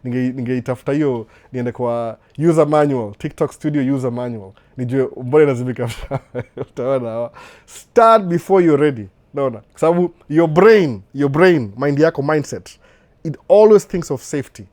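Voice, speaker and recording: A man with a Kenyan accent hosting a casual live Q&A, animated, often repeating "no, no" and laughing. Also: medium pitch, normal speed. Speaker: livestream host answering viewer questions. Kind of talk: casual live Q&A, mixing Swahili and English. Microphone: desk microphone with computer setup.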